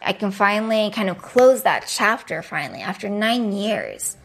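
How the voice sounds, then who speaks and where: A woman in an interview, animated, acting out the dialogue she quotes. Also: mid-range voice, normal speed, creaky, soft background music. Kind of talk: interview recounting.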